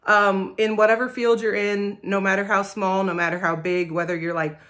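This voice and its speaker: A woman singer-songwriter talking casually to the camera, soft-spoken and rambling, with many hesitant fillers. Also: medium pitch, flat delivery, normal speed.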